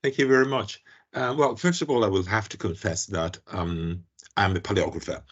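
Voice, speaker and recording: A man's voice: fairly low pitch, moderate pace, a bit bright, muffled recording. A man with an Italian accent giving an academic seminar lecture, hesitant, with many fillers and restarts. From Italy. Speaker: guest lecturer.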